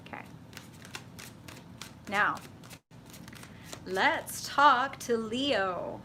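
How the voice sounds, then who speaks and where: A woman's voice: medium pitch, noisy background. A middle-aged woman reading tarot on a live stream, talking casually and swearing freely, with frequent laughs. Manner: casual, profane, animated, laughs often. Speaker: tarot reader.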